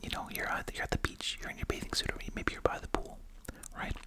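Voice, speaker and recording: Chatty, wry ASMR whisperer chewing gum. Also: quick pace. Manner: chatty, wry, with asides and rhetorical questions. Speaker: ASMR channel host.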